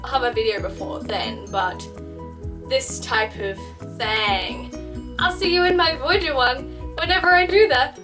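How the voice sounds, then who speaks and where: A young woman vlogging about books in a casual, bubbly, chatty way. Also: sits high. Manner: bubbly, chatty, giggly, full of fillers. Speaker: book vlogger. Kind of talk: casual chat to camera.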